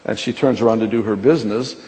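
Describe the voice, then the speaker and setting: A man preaching a sermon, telling a lively, humorous story to a congregation from a stage microphone. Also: lowish voice, fast. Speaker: pastor. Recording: reverberant large hall with faint noise.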